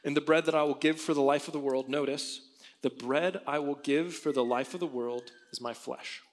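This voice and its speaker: A man delivers a sermon in an earnest, conversational manner, reading scripture aloud and pressing the congregation with rhetorical questions. His voice sits a little higher than most men's, and long reverb from a church sanctuary trails after his words. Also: steady tone, normal speed. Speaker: pastor.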